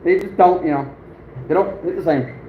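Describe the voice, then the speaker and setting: Casual livestream host, man, 30s, high-pitched, rambling and chuckly, echoey room. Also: moderate pace. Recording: phone-like echoey room with faint noise.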